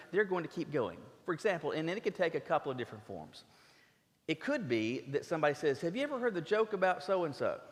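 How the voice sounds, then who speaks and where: A fairly high-voiced man preaches a sermon with emphatic, earnest delivery, doubling back on words in quick restarts. His voice rings out into a church sanctuary with a long, trailing reverb. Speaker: pastor.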